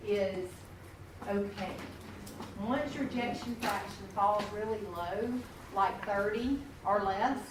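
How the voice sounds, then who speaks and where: A woman teaching a nursing class, folksy and animated, talking straight to her students as she mixes lecture with stories. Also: medium pitch. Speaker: nursing instructor. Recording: echoey classroom recorded from a distance with noise.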